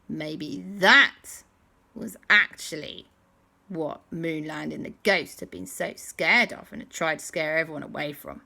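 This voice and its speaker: Woman storyteller, slow and bright, big swings of pitch, sound effects. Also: vocal fry. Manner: animated, with sound effects and dramatic pauses. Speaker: children's storyteller. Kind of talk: improvised children's storytelling.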